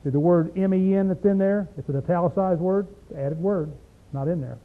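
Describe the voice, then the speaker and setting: A man's voice: high voice, moderate pace. A man preaching a sermon in a small room in an emphatic, folksy way, recorded on tape. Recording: tinny phone-like tape recording.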